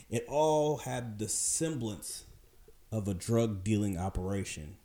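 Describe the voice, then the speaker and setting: A man telling a story in a casual, animated way, with emphatic delivery and quick voices for the people he quotes. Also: on the low side. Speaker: podcast storyteller.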